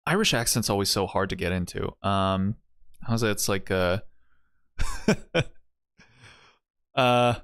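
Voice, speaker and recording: A man's voice: fairly low pitch, slow, pauses often, fairly bright tone, clear, resonant tone, dry recording, clean studio sound. A man streaming a game, chatting in a rambling way full of fillers and chuckles. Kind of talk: casual gameplay commentary.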